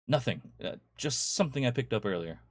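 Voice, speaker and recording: A man's voice: medium pitch, animated, brisk, no room sound, clean studio sound, close to an everyday voice. A man voicing a haunted husband. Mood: sheepish. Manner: hushed, haunted. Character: ordinary husband slipping into dread.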